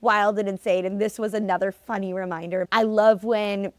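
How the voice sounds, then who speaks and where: A woman's voice: medium pitch, level tone, normal speed, smooth, no room sound. A young adult woman hosting a solo podcast, casually telling stories in a chatty way with lots of filler words. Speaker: podcast host.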